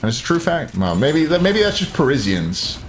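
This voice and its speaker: With a fairly high, sing-song voice at normal speed, a young man casts a live esports match. He rambles, cracks jokes between plays, and swears offhandedly, blending game commentary with banter, while faint background noise and clicks sit underneath.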